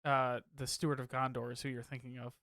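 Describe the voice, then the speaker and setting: Over a video call, a male podcast co-host chats casually, laughing easily and making fun of himself. His medium-pitched voice is flat, quick, and fairly bright, recorded dry with clean studio sound.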